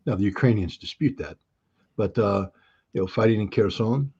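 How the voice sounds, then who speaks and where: A man's voice: fairly low pitch, moderate pace, vocal fry, a little mellow, slightly rough, highs cut off. A man speaking as a guest commentator on a geopolitics livestream, blunt, sardonic and emphatic in his delivery.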